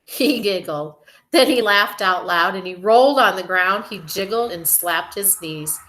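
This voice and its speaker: A woman teacher reading a storybook aloud to children, slow, expressive and gentle. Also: mid-range voice.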